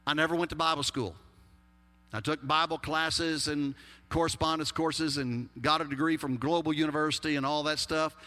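Texan male pastor, emphatic folksy sermon, bright forceful voice, long hall reverb. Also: fairly high pitch, fairly even intonation, normal speed. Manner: folksy and emphatic, with humorous asides.

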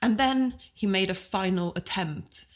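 A woman's voice: mid-range voice, unhurried. A woman co-hosting a podcast, telling stories in a chatty, self-deprecating way. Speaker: co-host. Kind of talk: casual podcast chat.

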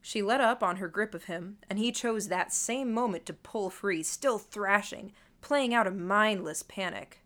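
A woman narrates a first-person novel at an even pace, observant and quietly wry. Her reading is measured and controlled, with a dry edge in the asides. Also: medium pitch. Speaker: audiobook narrator.

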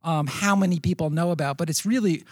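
A man's voice: a little high, fast, no echo, clean studio sound. A man co-hosting a podcast recorded live in front of an audience, telling stories with enthusiasm and laughing now and then. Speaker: podcast co-host. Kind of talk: casual live podcast chat.

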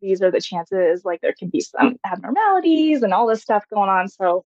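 A woman in her thirties shares her own story as a podcast guest. She talks in a loose, chatty way, with lots of "like" fillers and a quick laugh now and then. Her voice sits at a middle pitch and comes through slightly dull and lo-fi, with a dry sound and no room echo. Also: very animated, darkish tone. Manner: chatty, heavy use of "like" fillers, laughs often. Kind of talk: casual personal storytelling.

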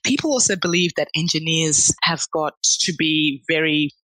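A woman's voice: low voice, moderate pace, sharp tone, no room sound, rough recording. A woman with an Australian accent, a guest engineer answering interview questions in a friendly way. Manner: friendly, laughs often.

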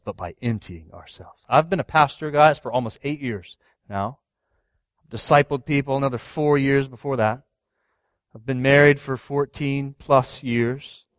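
A man in his thirties, a pastor preaching a sermon, asking the congregation questions and swinging from loud stress to hushed words. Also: mid-range voice, no echo, clean studio sound.

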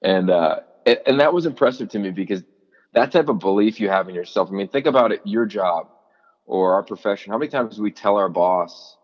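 A college football analyst in his forties who once played and coached tells stories in a podcast interview, talking a little fast in a fairly low voice and acting out quotes amid many fillers and restarts. The sound is dull, as though in a large hall.

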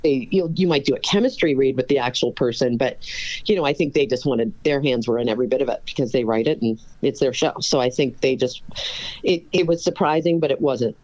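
A woman's voice: a bass voice, a little fast, darkish tone, lo-fi sound. A woman in her forties, a guest chatting casually, laughing often and restarting her sentences. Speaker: podcast guest, actress. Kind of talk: casual chat. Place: her home in Los Angeles.

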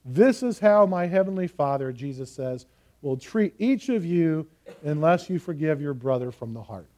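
A man preaching in an earnest, emphatic way, his voice sitting high for a man. The tone is mellow and soft-edged. He leans on key phrases, slowing down to drive them home. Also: expressive. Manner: earnest, emphatic teaching with slow stressed phrases. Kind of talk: sermon.

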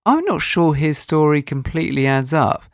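A man's voice: on the high side, very animated, moderate pace, dry recording. A man co-hosting a comedic chat show, talking in a wry, dry and hesitant manner. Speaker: podcast co-host.

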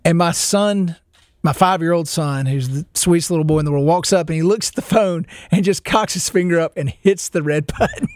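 A man in his thirties hosting a podcast, telling a long, rambling story in a casual, animated way and laughing as he goes. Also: sits high, fairly quick, dry recording, clean studio sound. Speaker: podcast host.

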